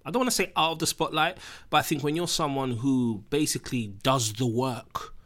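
A man's voice: mid-range voice, fairly quick, a bit bright. A young man with a London accent, co-hosting a podcast with opinionated, joking chat full of slang. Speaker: podcast co-host. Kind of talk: casual banter.

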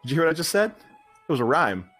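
A man playing a blustering, loud male restaurant boss in a comedic scene reading, bullying and rhyming taunts at a waiter. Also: on the high side, big pitch swings, quick pace, soft background music, voice pushed up.

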